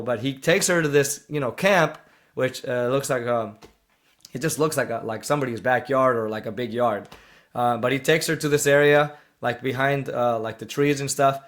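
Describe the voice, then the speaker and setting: A young man talks through a short film he just watched, at an ordinary middle pitch. He rambles, restarts his sentences and leans on fillers. Now and then he breaks off to scold the characters in an exasperated tone. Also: brisk. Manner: rambling, full of fillers and restarts, indignant asides. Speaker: reaction video host. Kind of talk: casual commentary recapping a film.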